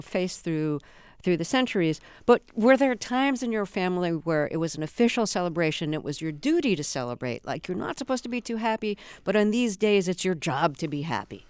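Very clear, measured interview host. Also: mid-range voice, dry recording. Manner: measured, careful phrasing with fillers. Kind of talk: prepared interview questions.

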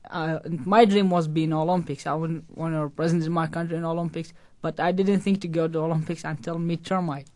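A young man in his twenties with an Iraqi Arabic accent, an Arabic speaker answering interview questions in brief, halting English. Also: on the high side, steady tone, a little mellow, dry recording. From Iraq. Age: 20s. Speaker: boxer.

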